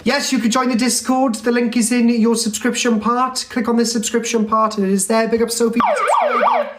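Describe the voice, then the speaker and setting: A man's voice: very high voice, level tone, a little fast. A man hosting a casual live stream, chatty and cheeky, calling his viewers darling. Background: music.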